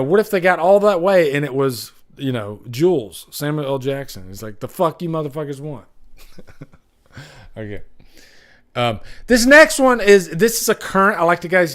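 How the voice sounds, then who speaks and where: A man hosting a casual livestream, rambling and chuckling often as he reads out jokes. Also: fairly high pitch. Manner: wanders between loud and hushed. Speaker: livestream host. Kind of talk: casual live chat.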